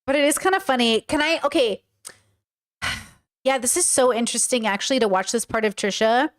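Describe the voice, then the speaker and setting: A woman's voice: on the high side, brisk. A woman with a Californian accent giving chatty, self-reflective reaction commentary. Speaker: host reacting to a clip.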